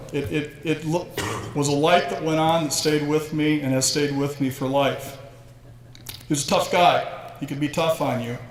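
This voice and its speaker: This fairly high-pitched man in his sixties pokes fun at himself in an induction speech full of stories. The recording carries a little hiss or hum and the echo of a hall with faint ambience.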